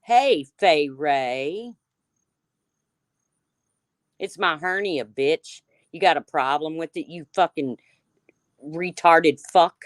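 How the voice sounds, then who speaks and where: A woman's voice: low-pitched, slow, pauses often, no echo, clean studio sound. A woman hosting a livestream, ranting heatedly with lots of swearing and calling out chat viewers by name. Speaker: livestream host.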